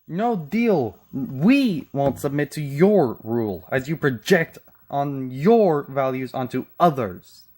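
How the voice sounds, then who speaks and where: A man's voice: medium pitch, sing-song, slow pace, a little mellow. A man from Texas giving mocking, sarcastic reaction commentary with frequent profanity. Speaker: commentary channel host.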